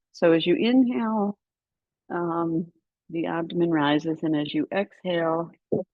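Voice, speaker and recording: Low-voiced woman guiding breathing in a hall. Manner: calm, soothing instruction with counted breaths. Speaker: yoga teacher. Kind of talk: guided breathing class. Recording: echoey hall with long reverb. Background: soft instrument tones.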